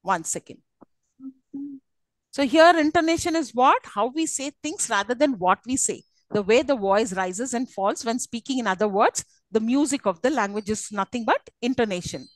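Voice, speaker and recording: A woman's voice: a little high, lively intonation, moderate pace, no room sound. A woman giving a university lecture, explaining step by step and often checking that listeners follow. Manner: explanatory, checks understanding with repeated "okay?" and "isn't it?".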